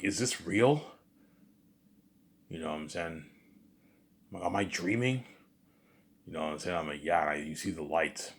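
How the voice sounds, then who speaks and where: Deep-voiced man rambling to camera. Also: fairly bright tone. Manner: rambling, many repeats and filler phrases. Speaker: vlogger. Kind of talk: rambling monologue.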